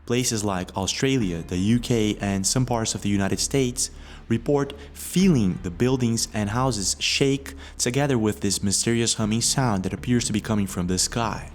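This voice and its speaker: A man narrating a mystery video from a script, in a measured storytelling manner with leading questions. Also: lowish voice, slight background noise.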